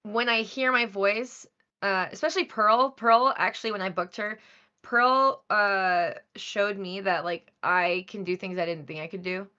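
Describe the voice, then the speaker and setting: Bright, effusive woman voice actor. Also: mid-range voice, measured pace, clean tone, dull audio. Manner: effusive, laughing, self-deprecating. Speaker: voice actor guest. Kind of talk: casual interview chat.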